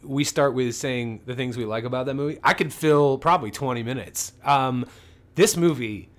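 A man's voice: mid-range voice, moderate pace. A man co-hosting a movie podcast, talking loosely with lots of fillers and swearing. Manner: loose, profane, rambling with many fillers. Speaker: podcast co-host. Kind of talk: casual movie review chat.

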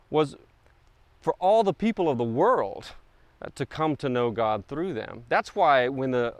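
A middle-aged man preaching a sermon and telling a story, halting often and restarting his phrases. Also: mid-range voice, no room sound. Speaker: pastor.

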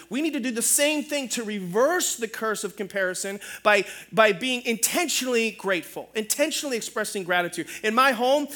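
A middle-aged male pastor preaching a sermon in an animated, humorous way, calling out for amens. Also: high voice.

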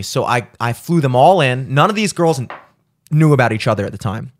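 A man's voice: medium pitch, expressive, fairly quick. Man, podcast co-host, casual, rambling, lots of "like" and swearing. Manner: rambling, profane, many fillers and restarts.

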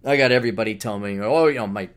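A man's voice: fairly low pitch, very fast. A middle-aged man hosting a podcast, talking in a rambling, sardonic solo monologue with frequent restarts. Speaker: podcast host.

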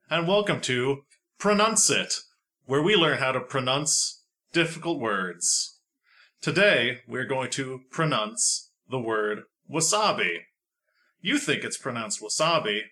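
A man's voice: medium pitch, pushed and bright. A man playing a washed-up male celebrity hosting a silly podcast, in a chirpy, self-amused manner.

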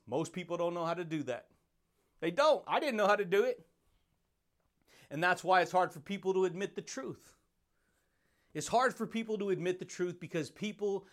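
Man, high voice, motivational podcast host, slangy, hyped, laughs a lot. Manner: hyped, slangy, repeats catchphrases, laughs often. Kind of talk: motivational monologue.

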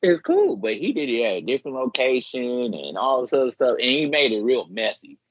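A man co-hosting a podcast in casual chat, rambling and profane, jumping way up in pitch when he acts out what others said. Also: fairly quick, slightly rough, no room sound. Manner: rambling, profane, animated quoting with big pitch jumps. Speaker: podcast co-host. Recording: muffled lo-fi podcast audio.

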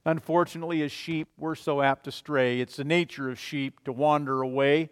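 A man preaching a sermon as a pastor, emphatic, swinging between loud declarations and quiet, low passages. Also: steady tone, normal speed, clean tone, in a large hall. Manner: emphatic, rising and falling in volume.

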